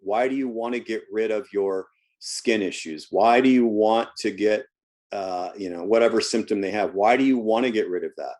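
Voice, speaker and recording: A man's voice: lowish voice, normal speed, darkish tone. A man who works as a health coach, talking casually in an interview and telling stories from his work, often restarting and repeating words.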